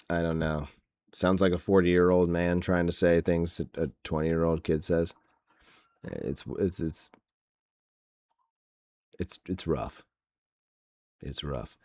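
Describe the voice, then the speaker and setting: A man's voice: low voice, slow pace, long pauses, a little mellow, no room sound. A man hosting a wrestling podcast, ranting sarcastically in casual chat with many fillers. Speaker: podcast host.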